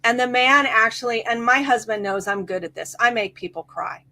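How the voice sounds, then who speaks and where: A woman's voice: on the high side, steady tone, normal speed, sharp tone. A middle-aged woman, a hypnotherapist guest, animatedly telling a client story and acting out the quoted voices. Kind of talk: storytelling in casual chat.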